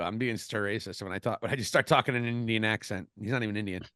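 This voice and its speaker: A man's voice: lowish voice, racing, fairly bright tone, no room sound, clean studio sound. A man co-hosting a wrestling podcast, talking casually in an opinionated, rambling way with many restarts. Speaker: podcast co-host.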